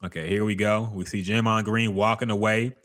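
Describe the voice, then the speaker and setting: A man's voice: on the low side, fairly even intonation, a little fast, a bit bright. A man co-hosting a casual podcast, reacting to trailers and sports news with blunt, profane commentary. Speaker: podcast co-host.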